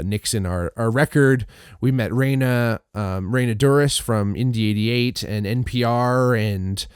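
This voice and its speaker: A man's voice: lowish voice, clean tone, dry recording, studio quality. A male podcast host casually recounting a festival weekend, rambling with frequent restarts, fillers and swearing. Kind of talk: casual solo recap.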